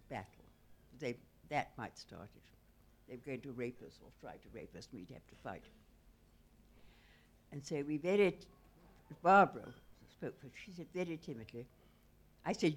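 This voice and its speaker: A woman's voice: low-pitched, darkish tone, slight background noise. Wry woman telling an anecdote. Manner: wry, understated, self-mocking. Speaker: storyteller guest. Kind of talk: spoken anecdote at a live salon.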